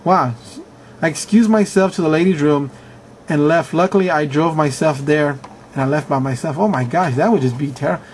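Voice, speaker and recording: A man's voice: a little high, fairly quick, slight background noise. A man casually reading out answers from viewers, chuckling and reacting with mock outrage. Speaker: video host reading answers. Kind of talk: casual commentary reading aloud.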